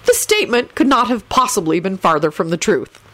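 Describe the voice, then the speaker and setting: A woman reading a story aloud as narrator, animated and switching into character voices. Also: on the low side, brisk, no echo. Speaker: audiobook narrator.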